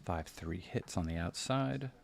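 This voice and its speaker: A man giving live game commentary in a hushed, near-whispered voice, thinking aloud about each move. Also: deep voice, lively intonation, measured pace, creaky, slight background noise. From United States. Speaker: backgammon commentator.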